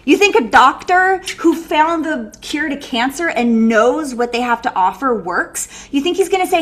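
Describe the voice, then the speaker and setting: A woman breathwork coach giving an animated, casual live online workshop, swearing freely and laughing often. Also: high-pitched, normal speed, hardly any pauses.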